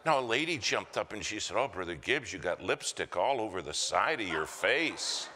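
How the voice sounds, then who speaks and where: A man's voice: fairly low pitch, big pitch swings, normal speed, bright, forceful tone, slight background noise. An American man preaching a sermon, telling a story and acting out the voices of the people in it. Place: church sanctuary. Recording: church hall reverb.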